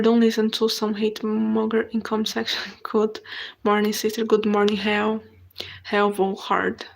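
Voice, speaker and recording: A Brazilian woman whose first language is Portuguese, hosting a casual live stream in halting English, reading viewer comments aloud and answering them. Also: fairly high pitch, vocal fry. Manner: unhurried, halting non-native English with frequent restarts.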